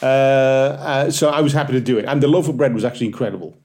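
A Welsh man around forty, a comedian chatting on a podcast, telling animated, self-deprecating stories and slipping into little bits. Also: mid-range voice, fast. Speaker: comedian guest. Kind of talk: casual podcast chat.

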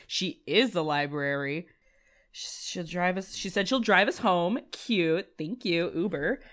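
A woman player recapping a tabletop game in casual chat, rambling and swearing freely. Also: on the low side. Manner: swearing, rambling, quick asides.

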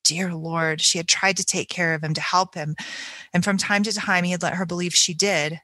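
A woman co-hosting a book podcast, reading a passage from a novel aloud in a measured, reflective way. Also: fairly low pitch, fairly even intonation, pushed and bright, dry recording. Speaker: book club podcast co-host.

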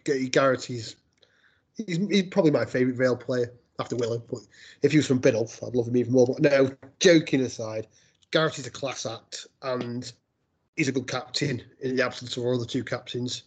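Wry man, husky mid voice, laid-back fan pundit. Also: mid-range voice, a little fast. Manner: wry, joking asides. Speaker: podcast co-host. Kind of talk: casual football podcast chat.

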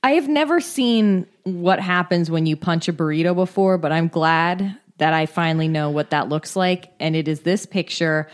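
A woman co-hosting a podcast in casual chat, emphatic and excitable, swearing for emphasis. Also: lowish voice, moderate pace, hardly any pauses. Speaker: podcast co-host.

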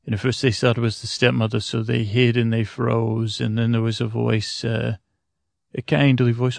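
A man's voice: mid-range voice, flat delivery, normal speed, vocal fry, darkish tone, no echo. A man improvising a bedtime story, rambling with many fillers and self-corrections.

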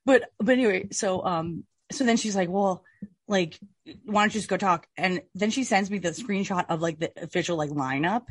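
A woman co-hosting a podcast, telling a rambling, animated story in casual chat and laughing often. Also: lowish voice, moderate pace, breathy edge, dry recording, studio quality. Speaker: podcast co-host.

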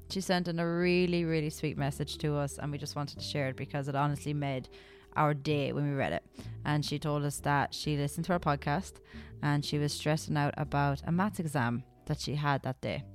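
A bubbly Irish woman co-hosts a podcast, teasing her partner and laughing easily through the casual chat. Her voice sits a little low for a woman, and soft music plays faintly behind her. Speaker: podcast co-host.

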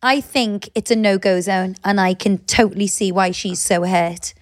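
A woman's voice: medium pitch, fairly even intonation, moderate pace, no echo. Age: young adult. Sound: blunt, laughing woman on a dry mic. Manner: blunt, laughing, swears freely. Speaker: podcast co-host. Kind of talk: casual podcast banter.

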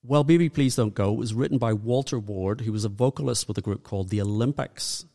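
Gravelly Northern Irish man, reverby. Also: on the low side, a little fast, mellow. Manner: chatty, reels off dates and facts. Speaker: podcast co-host. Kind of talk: casual chat.

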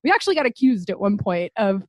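A woman's voice: medium pitch, sing-song, fast, darkish tone, dry recording. A young adult woman from Memphis, co-hosting a podcast in a chatty way with lots of fillers. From Memphis, Tennessee. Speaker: podcast co-host. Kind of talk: casual chat.

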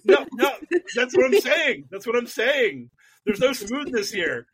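A man's voice: very high voice, big pitch swings, unhurried, a crowd in the background. A man hosting a casual political podcast over a call, rambling, self-deprecating and profane. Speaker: podcast host.

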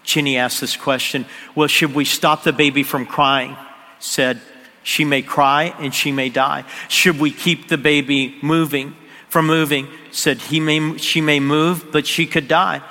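A man's voice: a little high, little pitch movement, unhurried, sharp tone. Man preaching in a reverberant hall. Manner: drops to near-whisper on emotional moments. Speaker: pastor. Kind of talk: sermon storytelling.

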